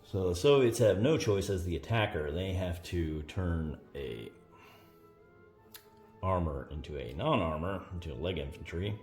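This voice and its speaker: A man with a fairly low voice talks through a board wargame turn on his own, tallying modifiers aloud and pausing on "uh"s. His voice rings around an echoey room, with faint music in the background. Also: lively intonation, a little mellow. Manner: thinking aloud, counting up modifiers with many "uh"s. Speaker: host of a board wargame playthrough. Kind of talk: solo tabletop game commentary.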